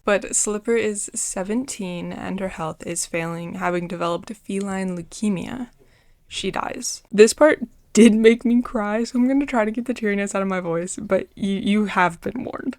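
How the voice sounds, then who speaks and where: A woman's voice: mid-range voice, moderate pace, a little mellow. A woman giving a casual book review, retelling the story in an earnest, heartfelt way.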